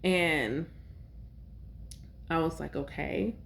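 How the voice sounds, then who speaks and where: Woman, lowish voice, conversational podcast host, self-correcting, casual spiritual talk. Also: unhurried.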